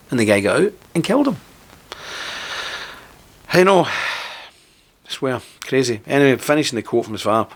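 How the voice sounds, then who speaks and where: A man's voice: fairly high pitch, a bit bright. A man giving a heated, scornful video commentary, sarcastic and full of contempt as he rants. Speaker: political commentator.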